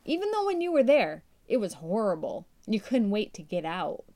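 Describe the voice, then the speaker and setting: Young woman chatting thru a bible story on her podcast, lively and giggly, mid-pitched voice. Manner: chatty and animated, laughs often, acts out quotes. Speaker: podcast host. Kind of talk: casual Bible teaching.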